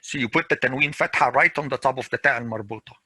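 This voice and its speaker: A man's voice: mid-range voice, sharp tone, husky, no echo. Middle-aged male grammar teacher, online class, dry and close mic. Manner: slow, patient, repeats examples. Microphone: video call.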